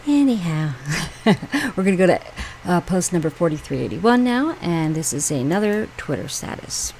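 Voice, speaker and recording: A woman's voice: fairly low pitch, sing-song, moderate pace, creaky, a little mellow, slight background noise, rough recording. A woman from New York hosting her own channel, reading online posts aloud and commenting on them in a rambling, conversational way. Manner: rambling, conversational, with frequent fillers and asides. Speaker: channel host.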